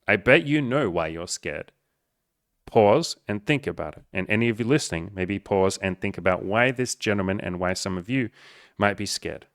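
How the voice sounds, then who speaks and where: A man's voice: on the low side, expressive, normal speed, fairly bright tone, dry recording, studio quality. A man who coaches on dating, talking bluntly and emphatically with lots of swearing as he answers a viewer.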